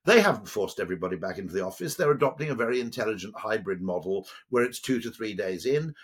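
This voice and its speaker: Animated British man, husky voice. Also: lowish voice, quick pace. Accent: British English. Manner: animated, digressive, tags lines with "okay?". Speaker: guest, advertising executive. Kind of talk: lively podcast conversation.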